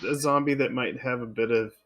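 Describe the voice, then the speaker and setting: A man's voice: mid-range voice, fairly even intonation, a little fast, fairly bright tone. A man playing a tabletop role-playing game, answering in short, laid-back replies. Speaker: player. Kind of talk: casual tabletop game chat.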